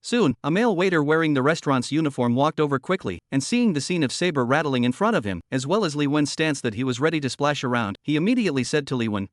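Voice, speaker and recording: A man narrating a scripted story recap in an even, matter-of-fact reading. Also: on the high side, fast talker, few pauses, dry recording, clean studio sound.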